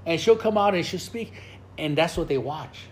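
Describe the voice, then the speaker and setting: An older man with a high-pitched voice rambles through a story among friends, cursing freely and repeating himself as he goes. His tone is loose and conversational, and he often stumbles over his own words before landing the punchline. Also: animated, normal speed, darkish tone, slight background noise. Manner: profane, rambling, laughing storyteller. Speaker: storyteller in a group chat. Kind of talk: casual chat.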